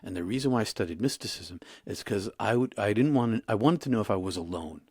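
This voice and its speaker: A man in his sixties, a guest in an interview, telling his story in a halting way with many restarts. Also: lowish voice, lively intonation, a little mellow, slightly rough, no room sound, studio quality. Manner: halting, repeats and restarts, emotional retelling.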